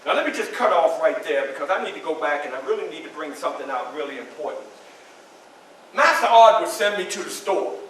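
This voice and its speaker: A man's voice: fairly high pitch, animated, brisk, fairly bright tone, a little hiss or hum. A man performing as Frederick Douglass in a one-man historical storytelling show, dramatically addressing the audience in a library room. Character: Frederick Douglass, man recounting his enslavement. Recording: echoey room from far off.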